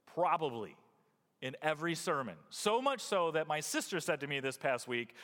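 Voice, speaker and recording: A man preaching a sermon as pastor, swinging from loud emphasis down to quiet, close remarks. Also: on the high side, moderate pace, in a large hall. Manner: expressive preaching, rising and dropping to near quiet.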